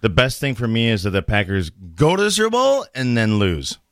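A man's voice: fairly low pitch, big pitch swings, fairly quick, fairly bright tone, dry recording, studio quality. A man who owns a bar, talking bluntly in casual radio chat, with frequent restarts. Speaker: bar owner guest.

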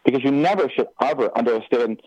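A man's voice: mid-range voice, quick pace, a little mellow, dry recording. A man calling in to a radio talk show, speaking with passion and rambling through many restarts. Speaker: caller. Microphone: telephone. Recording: dull phone line.

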